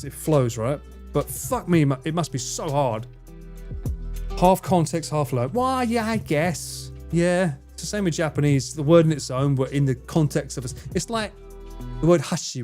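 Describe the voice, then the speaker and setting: Streamer guy chatting with chat, swears constantly, laughs a lot, kinda high voice that jumps all over. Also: darkish tone. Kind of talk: casual live-stream chat.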